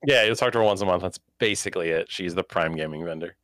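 A young man co-hosting a casual gaming chat, excitable and full of quick restarts. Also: low-pitched, clear, resonant tone. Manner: excitable, talks with lots of restarts and fillers. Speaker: podcast co-host.

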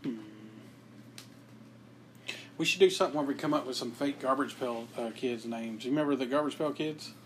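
A man in his thirties, crude and teasing, co-hosting a casual podcast. His pitch sits in an ordinary middle range. A faint hiss runs under the recording. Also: moderate pace, pauses often, fairly bright tone. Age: 30s. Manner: crude, teasing, swears a lot. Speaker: podcast co-host. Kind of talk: casual chat.

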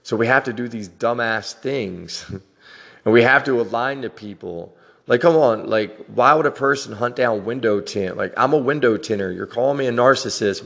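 A man's voice: medium pitch, gravelly, fairly bright tone, in a large hall. A man hosting a podcast, talking in a frank, profane, rambling personal monologue. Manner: frank and profane, with frequent laughs. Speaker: podcast host.

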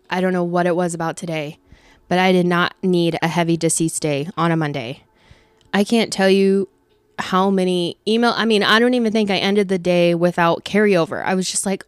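A young woman candidly venting about her workday in a casual monologue, swearing freely and acting out conversations in lively voices. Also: lowish voice, clear, resonant tone, no echo. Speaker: vlogger venting about work.

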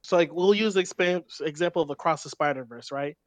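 A man's voice: on the high side, fast talker, no room sound. A man co-hosting a casual film podcast, explaining his views thoughtfully and restarting phrases often. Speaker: podcast co-host.

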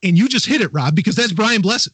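Man, podcast host, casual chat, enthusiastic, restarts a lot, higher pitch. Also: lively intonation, fast, a bit bright, slightly rough, dry recording.

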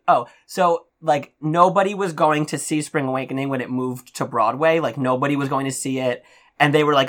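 Man, podcast co-host, casual chat, gossipy, filler words, mid pitch. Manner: gossipy, many likes and ums, animated storytelling.

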